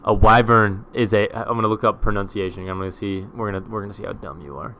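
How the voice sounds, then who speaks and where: A man co-hosting a podcast in casual chat, bantering in an excitable, joking way. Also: lowish voice, quick pace, slight background noise. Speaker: podcast co-host.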